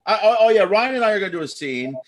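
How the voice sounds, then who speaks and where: Excitable guy hosting improv on a video call, high voice that jumps all over, rambles a bit. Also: fast. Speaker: improv host. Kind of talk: live improv show hosting.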